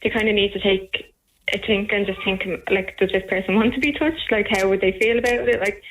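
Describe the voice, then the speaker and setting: A woman's voice: medium pitch, steady tone, brisk, a bit bright, a little hiss or hum, low-quality recording. A woman calling in to a radio show, talking with plenty of "like" fillers. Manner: talks with lots of "like". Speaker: caller. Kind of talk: phone-in chat.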